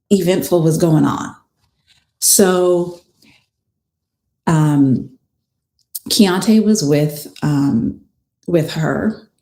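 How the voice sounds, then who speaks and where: A woman with a lowish, darkish voice, a family law attorney and podcast host, casually recaps a trial as a story. She's chatty and plainspoken, dropping in frank personal asides, and the room sounds echoey.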